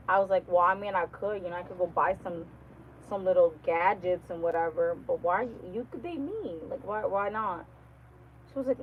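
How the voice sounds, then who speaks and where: A woman's voice: medium pitch, brisk, breathy edge. Slangy woman telling work stories, lo-fi. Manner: animated, slangy, laughs often, acts out quotes. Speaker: livestream host. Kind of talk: casual storytelling chat.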